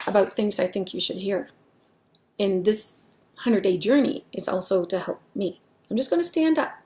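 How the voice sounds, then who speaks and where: A woman's voice: medium pitch, a little mellow, slight background noise. A middle-aged woman talking candidly in a casual vlog at home, rambling and restarting her sentences as she goes. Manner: rambling, candid, self-interrupting. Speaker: vlogger.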